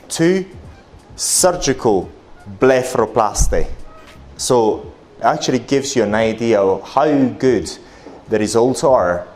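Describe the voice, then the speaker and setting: A man's voice: mid-range voice, expressive, takes it slowly, a little mellow, faint music behind. A man with an Italian accent giving a chatty, joking presentation at a conference, with many fillers and restarts. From Italy. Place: conference hall.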